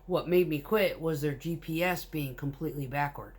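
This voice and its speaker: A woman's voice: sits low, normal speed, darkish tone, breathy edge. A woman, a concrete mixer truck driver, telling work stories in a blunt, casual way full of swearing. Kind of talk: casual storytelling.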